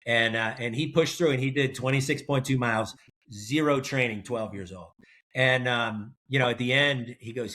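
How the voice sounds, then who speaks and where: Man, middle-aged, interview guest, relaxed, mid-range voice, fillers. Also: mid-range voice, normal speed. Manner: relaxed storyteller, many ums and uhs. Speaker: guest, researcher and ultrarunner. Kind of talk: casual interview storytelling.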